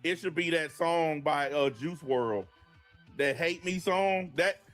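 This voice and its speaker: Dude with a high voice in a clip, offhand and defensive, some faint music under it. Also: male voice, takes it slowly, a bit bright. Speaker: content creator in a played clip. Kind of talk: casual talk.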